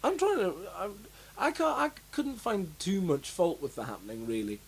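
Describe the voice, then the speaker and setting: A man's voice: fairly high pitch, wildly swooping pitch, moderate pace, creaky, slightly rough. A young man co-hosting a casual chat about films, rambling with lots of fillers and restarts. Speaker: podcast co-host.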